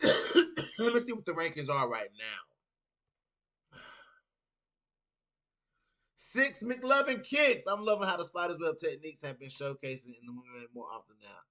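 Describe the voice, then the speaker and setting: A man's voice: a little high, lively intonation, normal speed, long pauses, pushed and bright. A man hosting a casual fight recap livestream, talking loosely with a groggy morning voice and lots of "you know what I'm saying" filler. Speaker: livestream host.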